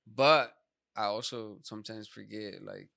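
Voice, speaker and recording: Man, podcast host, gravelly fry, bright edge, dry close sound, slangy and swears a lot. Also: on the low side, wildly swooping pitch, a little slow, no room sound. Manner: slangy, swears freely, filler-heavy. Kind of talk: casual podcast chat.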